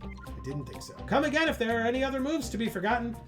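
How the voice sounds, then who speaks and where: A woman's voice: on the high side, big pitch swings, racing, music in the background, voice pushed up. A woman reading the lines of a proud, indignant game character who deletes moves. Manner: pompous, indignant.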